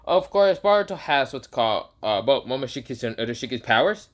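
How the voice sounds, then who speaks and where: A man's voice: medium pitch, big pitch swings, brisk. A young man casually retelling an imagined fan story, rambling with many fillers and self-corrections.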